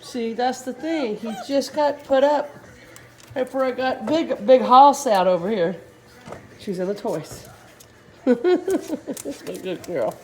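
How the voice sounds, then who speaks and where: A woman's voice: fairly high pitch, lively intonation, takes it slowly, pauses often, warm tone, roomy sound. A woman filming her puppies at home, cooing and baby-talking to them and laughing often. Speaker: puppy breeder filming her litter. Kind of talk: casual home video narration. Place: indoors at home with dogs.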